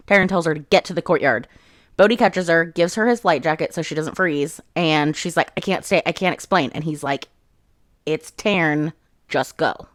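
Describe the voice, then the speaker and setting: A woman with a slightly low voice talks through a fantasy novel chapter by chapter. She tosses in sarcastic asides and briefly acts out the characters' lines. The sound is dry, with no room echo. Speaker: book reviewer. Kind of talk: casual chapter-by-chapter book recap.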